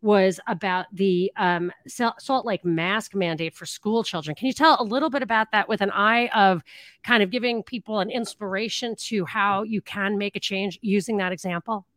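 A woman's voice: mid-range voice, normal speed, a bit bright, no room sound. A woman hosting an interview show, chatting casually with many restarts and fillers. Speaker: podcast host.

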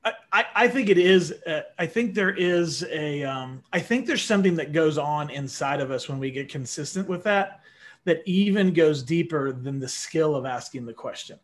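A man's voice: fairly high pitch, lively intonation, moderate pace. A man, an author and guest, talking about leadership in an earnest, reflective way and often repeating his first words. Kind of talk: conversational interview.

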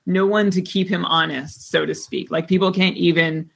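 High, gravelly man, hesitant chat. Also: fairly even intonation, moderate pace, a bit bright. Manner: hesitant, many fillers. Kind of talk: casual chat.

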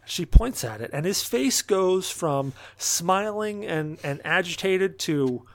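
A man with a fairly high voice for a man tells a long story on a podcast in a loose, casual way. He swears freely and slips into quick impressions of the people in his story. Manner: animated, profane anecdote-telling with quoted dialogue. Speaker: podcast co-host.

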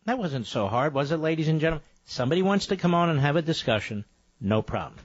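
Combative talk radio host, lively pitch. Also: male voice, quick pace, no room sound. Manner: combative, sarcastic and emphatic. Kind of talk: talk radio, taking calls. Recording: dull lo-fi broadcast audio.

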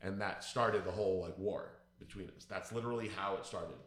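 A man's voice: sits low, a little fast, fairly bright tone. A man telling a personal story in a casual, blunt, profane and emphatic way. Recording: echoey room.

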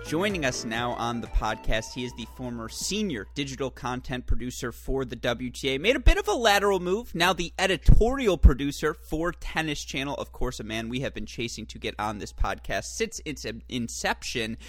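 A man's voice: mid-range voice, sing-song, normal speed, hardly any pauses, no echo, soft background music. A man hosting a podcast interview, chatty and joking, with frequent filler words. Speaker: podcast host.

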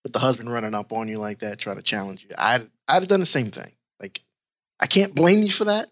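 New york guy guesting on a podcast, bright edgy voice, kinda dull lo-fi sound. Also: mid-range voice, animated. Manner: measured, frank, agreeing with profanity. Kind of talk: casual podcast chat.

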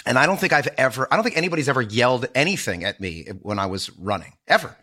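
Bright, lively man explaining a theory. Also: medium pitch, fast talker. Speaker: podcast co-host. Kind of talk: casual chat.

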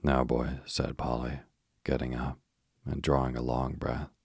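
Man reading a sleep story, very low gravelly voice, slow, dry close sound. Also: dry recording. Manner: calm and unhurried. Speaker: narrator.

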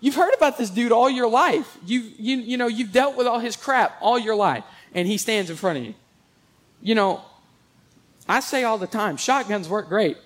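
A young man telling rambling, animated stories in a casual monologue, mixing jokes with religious asides. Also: high voice.

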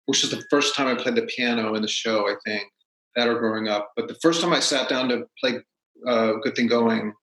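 A man, a stage actor as a guest, telling stories in a casual, animated way and acting out what people said. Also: medium pitch, a little fast. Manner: animated, acts out quotes. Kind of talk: casual storytelling. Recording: roomy echo.

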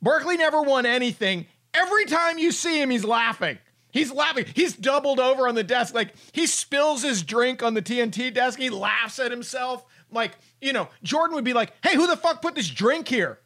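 Sarcastic, high-voiced man riffing on sports. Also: normal speed, pushed and bright. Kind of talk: casual sports chat.

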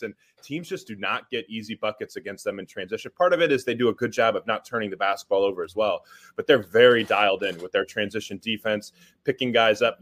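A man's voice: lowish voice, a bit bright. A man from central Illinois, a sports writer guest, giving eager, earnest basketball analysis and repeating words as he goes.

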